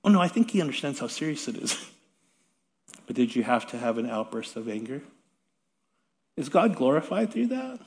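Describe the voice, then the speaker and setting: A middle-aged man delivers a sermon from a church sanctuary, his tone conversational and quick to poke fun at himself. His voice sits in a middle range, and a long reverb trails each phrase around the hall. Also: medium pitch, expressive. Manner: conversational, self-deprecating humor with light laughs. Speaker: pastor.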